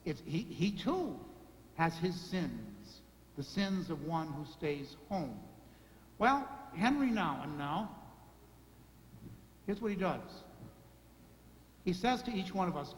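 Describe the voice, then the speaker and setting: Male preacher, high voice, punchy repeated phrases, long church reverb, faint room hum. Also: big pitch swings, slow, long pauses. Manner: repetitive emphatic lists and rhetorical questions. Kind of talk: sermon. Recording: echoey hall reverb, faint ambience.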